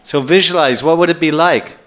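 An older man giving a scripture class lecture as a spiritual teacher, telling stories in a lively way and acting out little scenes. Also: fairly high pitch, brisk. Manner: animated storyteller who acts out scenes and chuckles often.

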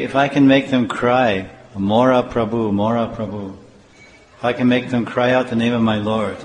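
A man giving a slow scripture class as a preacher, repeating phrases and acting out little dialogues. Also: medium pitch, slight background noise. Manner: slow, repetitive, acts out dialogue. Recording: echoey hall with faint ambience.

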